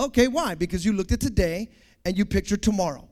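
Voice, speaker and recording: A man preaching a sermon, acting out everyday scenes with lively sound effects and asides. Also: fast. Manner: animated, acts out scenes, sound effects like boom.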